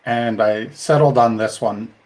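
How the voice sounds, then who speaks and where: A man co-hosting a podcast, talking in a thoughtful, measured way with frequent restarts. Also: mid-range voice, a little mellow. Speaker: podcast co-host. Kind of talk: casual podcast discussion.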